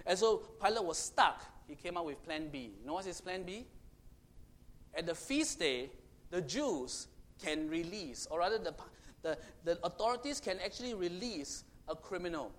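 A man preaching a sermon to children, storytelling dramatically and swinging between loud and hushed. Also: high voice, lively intonation, moderate pace, a little hiss or hum.

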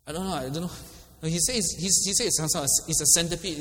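Talking fast in a fairly high, fairly bright voice, a middle-aged Singaporean-accented preacher keeps his sermon loose and chatty, laughing a lot and calling on listeners by name. The sound carries a long hall reverb.

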